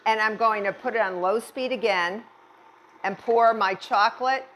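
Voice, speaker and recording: A woman's voice: on the high side, moderate pace, noisy background. Chatty, reassuring woman chef teaching baking. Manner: chatty, reassuring, repeats words for emphasis. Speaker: chef demonstrating a recipe. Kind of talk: cooking demonstration.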